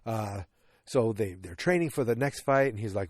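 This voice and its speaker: A man's voice: on the low side, animated, moderate pace, darkish tone, no echo. Rambling man recapping a movie. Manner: rambling, self-correcting, joking asides. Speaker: podcast host. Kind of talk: casual movie recap podcast.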